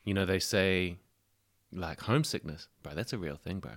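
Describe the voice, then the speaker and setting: Low-voiced and a bit bright, this young man with a New Zealand accent speaks at a moderate pace as a podcast guest. He spins easygoing stories in casual chat, dropping "bro" constantly.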